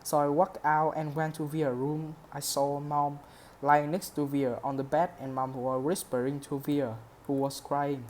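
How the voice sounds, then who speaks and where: Low-voiced woman reading a story. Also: a little slow, a little hiss or hum. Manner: steady reading with small slips. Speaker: reader. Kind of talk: reading a novel aloud.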